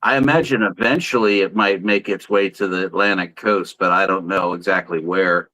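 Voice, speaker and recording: A man's voice: deep voice, fairly even intonation, normal speed, pushed and bright, rough recording. A man in casual chat on a live stream who tells long, playful jokes. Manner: playful, tells a long tongue-twister joke. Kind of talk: casual chat, telling a joke.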